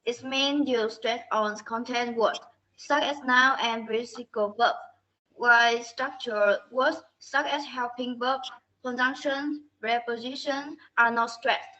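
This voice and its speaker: A woman student reading a class presentation on pronunciation, slowly and carefully going through word lists. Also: a little high, steady tone, bright, forceful tone. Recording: dull lo-fi recording.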